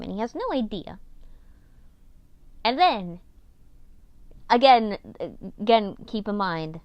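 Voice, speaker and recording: A woman's voice: medium pitch, smooth, dry recording. Rambling, self-mocking woman telling a story. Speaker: storyteller recapping her old series. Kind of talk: casual storytelling.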